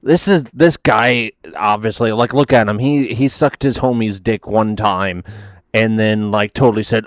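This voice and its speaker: A man's voice: lowish voice, unhurried, no room sound, studio quality. A man hosting a reaction video, talking casually in a rambling, sarcastic way with lots of "like".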